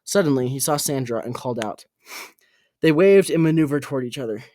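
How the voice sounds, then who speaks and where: A man reading an audiobook aloud, halting and correcting his own slips. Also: medium pitch, animated, darkish tone, no echo. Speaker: audiobook reader.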